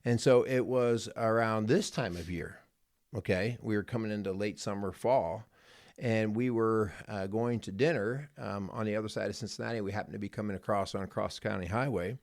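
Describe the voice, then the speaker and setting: A man's voice: fairly low pitch, moderate pace, darkish tone, no room sound, studio quality. A middle-aged man, a marriage coach co-hosting a podcast, telling a personal story in an earnest, rambling way. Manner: earnest, rambling, repeats words. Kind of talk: casual chat, storytelling.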